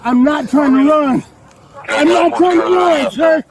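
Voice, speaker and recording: A man with a very high, strained voice begs and pleads in pain, breathless and desperate. He is picked up on a body camera outdoors at a roadside. Other voices crowd the audio around him. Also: measured pace. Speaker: driver under arrest. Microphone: officer's body camera.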